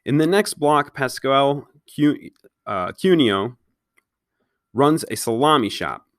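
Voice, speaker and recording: A man's voice: medium pitch, expressive, takes it slowly, no room sound. A man voicing a cocky, bossy street-gang boy who barks orders and threats in a dry read-aloud. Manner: bossy, brusque.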